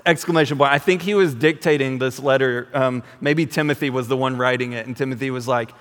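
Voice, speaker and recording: A man preaching a sermon as pastor in a conversational, animated way, often repeating words as he restarts. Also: mid-range voice, brisk, big-room sound.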